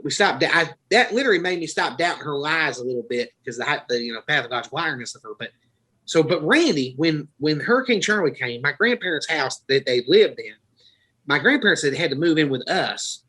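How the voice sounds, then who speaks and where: A man's voice: fairly high pitch, very animated, fairly quick, sharp tone, slightly rough, poor audio. A man from Florida, a podcast host telling rambling, profane stories in casual chat. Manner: rambling, profane, laughing storyteller.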